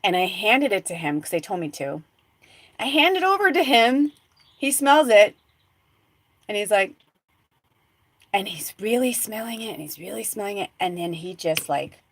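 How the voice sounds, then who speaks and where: On her live-stream spiritual show, a woman with a mid-range voice tells a meandering story packed with fillers and restarts, shifting between quiet softness and excited outbursts. The recording is dry.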